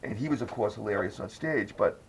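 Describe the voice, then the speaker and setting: A man's voice: on the low side, a little fast, vocal fry, slight background noise, poor audio. A man hosting a podcast, telling rambling, profane stories in casual chat. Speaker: podcast host.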